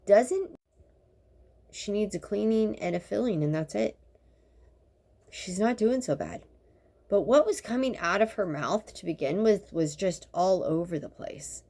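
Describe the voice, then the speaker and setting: A woman's voice: mid-range voice, expressive, unhurried, creaky, long pauses, mellow. A woman in her fifties who works in dentistry, venting in a blunt, profane, sarcastic monologue that rambles with exasperation. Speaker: dental practitioner.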